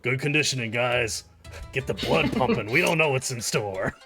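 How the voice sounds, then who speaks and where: A man's voice: sits low, moderate pace. A man voicing a male rabbit teacher, a protective mentor who gives firm, reassuring instructions over background music. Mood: encouraging.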